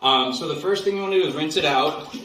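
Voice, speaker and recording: A man's voice: on the high side, quick pace, background noise. A man hosting a sponsored bit on video, talking hesitantly with many ums and uhs. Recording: echoey room, far from mic.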